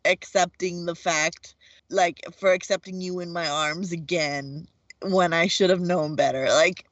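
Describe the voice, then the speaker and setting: A woman's voice: on the low side, fairly even intonation, measured pace, no echo. A woman co-hosting a casual TV recap podcast, talking expressively and peppering her speech with "like". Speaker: podcast co-host. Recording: dull, dry lo-fi sound.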